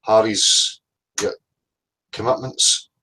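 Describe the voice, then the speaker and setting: A man's voice: fairly low pitch, flat delivery, slow pace, pushed and bright, low-quality recording. A man hosting a casual livestream, blunt and sweary, greeting chat viewers by name. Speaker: livestream host.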